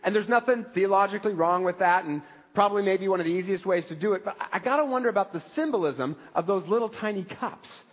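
A pastor preaching a sermon in a conversational, animated way, with asides to the congregation. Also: male voice, high voice, fast, long reverb tail, lo-fi sound, a little hiss or hum.

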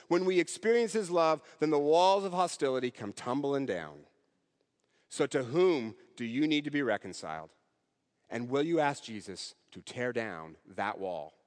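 A man preaching a sermon in an earnest way, with emphatic rises and soft drops, closing in prayer. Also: on the high side, in a large hall. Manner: earnest, rising and falling emphasis, ending in prayer.

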